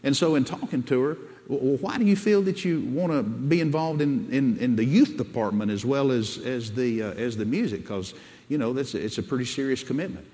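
A man's voice: mid-range voice, normal speed, warm tone. A male pastor preaching a sermon, repeating words and calling on the congregation to respond. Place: church sanctuary. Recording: echoey church hall with long reverb.

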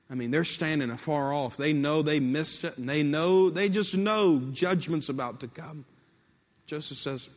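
A man's voice: a little high, normal speed. Preaching man in a reverberant hall. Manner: storytelling, voices quotes, builds to impassioned peaks. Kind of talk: sermon.

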